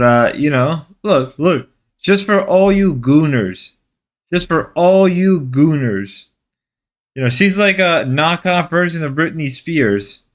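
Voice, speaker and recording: Young male co-host, unhurried, rambling, slightly high voice. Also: a bit bright. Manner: rambling, hesitant, joking. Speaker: stream co-host. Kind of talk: casual chat.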